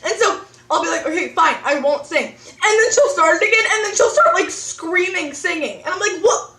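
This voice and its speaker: A woman's voice: extremely high pitch, animated, brisk, bright, forceful tone, recorded from a distance. A teenage girl in casual chat, saying "like" often as she airs gripes. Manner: chatty, says "like" constantly. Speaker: co-host. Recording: echoey room from off-mic.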